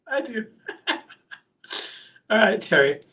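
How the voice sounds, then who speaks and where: A man's voice: high-pitched, big pitch swings, slow pace, sharp tone. A man hosting a live webinar in a chatty, informal, easygoing way. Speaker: conference host. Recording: dull lo-fi webinar audio.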